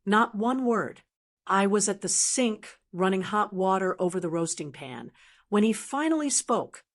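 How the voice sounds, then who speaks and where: Older woman, first-person story narration, measured and steady, mid-pitched voice.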